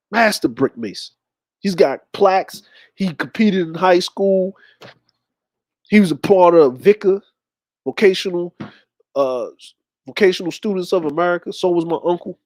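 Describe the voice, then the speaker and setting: A man in his forties in an animated, conversational retelling of a story from his youth. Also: high-pitched, unhurried, pauses often, dry recording. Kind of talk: personal storytelling.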